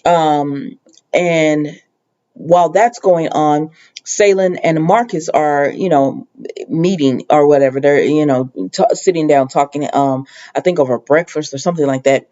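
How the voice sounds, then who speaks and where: A woman casually recapping a TV episode, her voice warm and mellow. She rambles through it with frequent ums, false starts and the occasional exasperated aside. The sound is a bit dull and lo-fi. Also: low voice, unhurried. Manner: rambling, full of ums and restarts; conversational, sometimes exasperated asides. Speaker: TV recap host.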